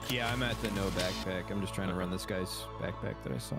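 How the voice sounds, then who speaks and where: A man joking around with teammates during a game, animated and playful. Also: sits low, quick pace, over loud music. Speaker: gaming teammate. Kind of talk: casual gaming chat.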